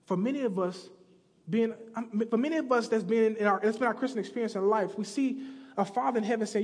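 In a big-sounding church sanctuary, a man with a high-pitched, darkish voice preaches briskly. He tells stories in a casual, slangy way, acting out the characters with slang voices.

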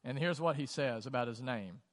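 A man's voice: mid-range voice, brisk. A male pastor delivering a sermon in a conversational style, often saying "like" and putting questions to the congregation. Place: church auditorium. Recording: long church hall reverb.

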